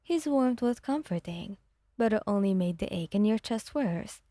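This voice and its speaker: A woman narrating an ASMR fanfic reading in a soft, steady storytelling manner. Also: mid-range voice, moderate pace, dry recording, studio quality. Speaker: fanfic reader.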